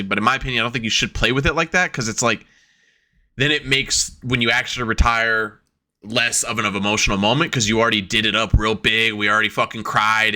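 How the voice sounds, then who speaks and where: A man co-hosting a wrestling podcast in casual chat, excitable and swearing freely as he acts out his reactions. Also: medium pitch. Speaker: podcast co-host.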